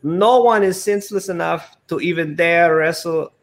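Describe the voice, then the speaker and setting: A man voicing a haughty female wrestling manager, announcing her champion in a grand, drawn-out way. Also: a little high, pitched above the performer's own voice, natural voice. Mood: boastful.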